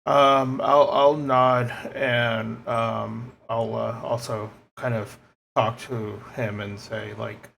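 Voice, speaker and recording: A man taking part as a player in a tabletop game, speaking haltingly with many restarts. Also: medium pitch, level tone, vocal fry, fairly bright tone, slight background noise.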